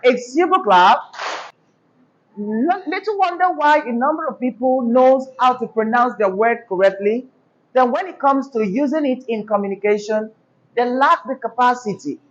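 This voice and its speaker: A woman's voice: on the high side, muffled recording, a little hiss or hum. Woman teacher prompting a class. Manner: call-and-response prompting, deliberate. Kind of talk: classroom diction lesson.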